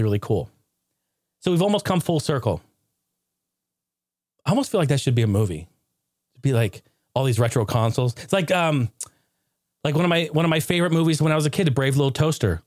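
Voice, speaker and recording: A man hosting a podcast in loose, casual chat, animated and quick to joke and swear. His pitch is middling and his voice sounds dry and close to the mic. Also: no room sound. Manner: animated, profane, joking. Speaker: podcast host.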